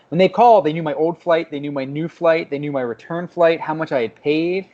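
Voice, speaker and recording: A young man co-hosting a podcast, telling a story in a lively way and acting out the people he quotes. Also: on the high side, fast talker, few pauses. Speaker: podcast co-host. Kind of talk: casual chat. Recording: dull lo-fi podcast audio.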